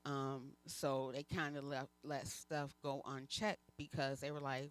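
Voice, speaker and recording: A woman minister giving a personal testimony in church, telling her story candidly with frequent pauses and fillers. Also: a bass voice, level tone. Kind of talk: personal testimony within a sermon.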